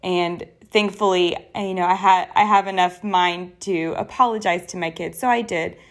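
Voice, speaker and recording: A woman's voice: fairly low pitch, steady tone, moderate pace. A young adult woman hosting a podcast and talking in an earnest, personal, conversational way. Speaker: podcast host. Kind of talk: solo podcast talk.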